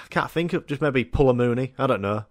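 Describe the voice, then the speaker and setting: Young lad rambling and swearing. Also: male voice, mid-range voice, moderate pace, no room sound, studio quality. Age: young adult. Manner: rambling, swearing, laughing, acting out voices of people in his stories. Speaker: podcast host. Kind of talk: casual comic monologue.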